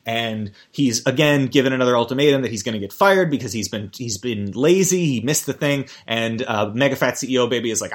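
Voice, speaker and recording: A man's voice: mid-range voice, normal speed. Rambling man recapping a cartoon. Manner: rambling, self-interrupting, amused. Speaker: podcast host recapping a cartoon. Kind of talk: casual chat.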